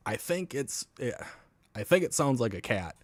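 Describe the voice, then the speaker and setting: A man's voice: mid-range voice, sing-song, moderate pace, dry recording. A man chatting casually on a podcast about a possible haunting, talking loosely and swearing freely. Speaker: co-host.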